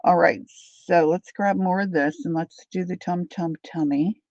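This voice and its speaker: A middle-aged woman livestreams her painting, chatting casually with viewers, greeting them by name and laughing often. Her voice sits on the low side with fairly even intonation, a measured pace and a darkish tone. There's no room sound, and the lo-fi recording is slightly dull.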